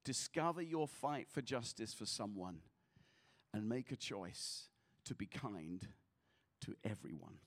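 A man preaching a sermon as a pastor, earnest, often repeating his words, moving between passionate exhortation and quiet prayer. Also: lowish voice, sing-song, slow pace.

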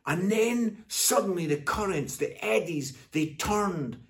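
A man with a Scottish accent giving a Father's Day sermon, telling stories in an animated way before turning soft and earnest. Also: high voice, slow. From Scotland. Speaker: pastor.

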